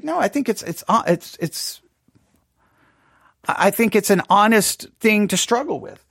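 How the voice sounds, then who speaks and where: Guy leading a bible study, high voice that jumps all over, dry close sound, keeps asking questions. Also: lively intonation, normal speed, a bit bright, no room sound. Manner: poses many rhetorical questions, thinking aloud. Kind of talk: teaching a Bible study class.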